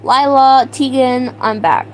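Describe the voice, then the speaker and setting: A young woman hosting a livestream, telling a story in a casual, animated way with mock outrage and laughter, answering her chat. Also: sits high, takes it slowly, slight background noise, rough recording. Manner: animated, exaggerated outrage, laughing, reads chat names aloud. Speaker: livestream host.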